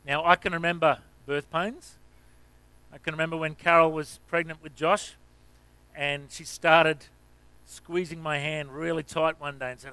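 An Australian male pastor delivers a sermon in a high, sharp voice. He talks like a chat, full of restarts and asides, then surges into loud exclamations. The sound is close and dry. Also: little pitch movement, measured pace, clear, resonant tone, no room sound, rough recording. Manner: conversational asides and repeated restarts.

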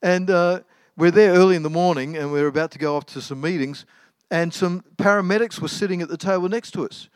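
Preaching in a relaxed, storytelling style, a middle-aged man fills his sermon with ums and restarts. His high voice is brisk, clear and resonant, with no room sound.

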